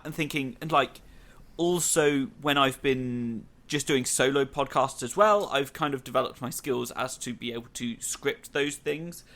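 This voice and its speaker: A man's voice: a little high, sharp tone. A young British man hosting a podcast in casual, rambling chat. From Britain. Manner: rambling, many "like" fillers, quick bursts. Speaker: podcast host.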